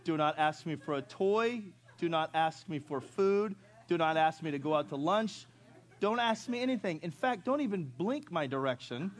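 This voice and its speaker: A man's voice: a little high, lively intonation, moderate pace, lightly acted. A man voicing a stern, no-nonsense mother who gives short, firm commands. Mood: warning. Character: stern no-nonsense mother, middle-aged woman.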